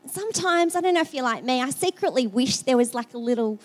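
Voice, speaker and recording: Aussie lady preaching, middle-aged, high voice, chatty storytelling sermon. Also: expressive, fast. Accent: Australian. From South Australia. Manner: conversational, storytelling, repeats words.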